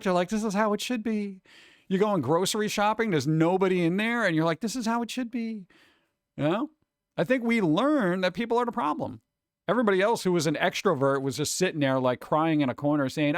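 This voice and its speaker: A man's voice: on the high side, dry recording, studio quality. A man streaming live, chatting casually and reading chat messages, rambling and joking with a sarcastic edge.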